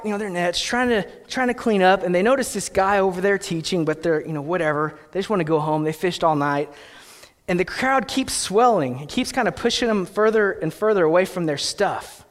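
A young man preaches in an easy, storytelling style, dropping in playful asides. His voice sits notably high. Long reverb rings after his phrases, as in a large church hall. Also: a bit bright. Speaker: pastor. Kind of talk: sermon.

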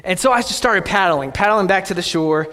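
A young man preaches in an easy, storytelling style, dropping in playful asides. His voice sits notably high. Long reverb rings after his phrases, as in a large church hall. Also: lively intonation, a little fast, sharp tone. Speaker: pastor. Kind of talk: sermon.

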